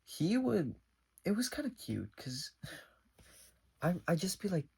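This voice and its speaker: Gravelly young man rambling through a story. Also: high-pitched, slow. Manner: rambling, animated retelling full of fillers. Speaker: vlogger. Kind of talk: casual storytime.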